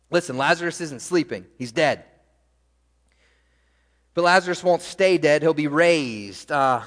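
A middle-aged male pastor preaching a sermon in a church, animated, asking the congregation rhetorical questions. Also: on the high side, long reverb tail. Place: church sanctuary.

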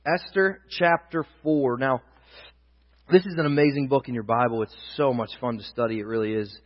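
A man preaching a sermon, retelling scripture as a story with dramatic swings between loud emphasis and hushed asides. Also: mid-range voice, moderate pace. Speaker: pastor. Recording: dull echoey hall, long reverb.

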